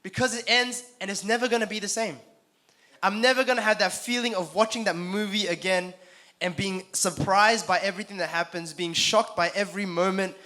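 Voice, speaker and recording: Guy in his 30s preaching to a youth crowd, bright voice, keeps asking them stuff. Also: high-pitched. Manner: conversational, asks the audience questions, repeats phrases. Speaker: youth conference speaker. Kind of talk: casual youth sermon. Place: conference hall.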